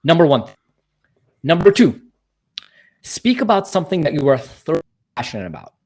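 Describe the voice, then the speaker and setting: A man's voice: a little high, big pitch swings, normal speed, a little mellow. Earnest motivational man. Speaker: guest speaker and coach. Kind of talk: podcast interview.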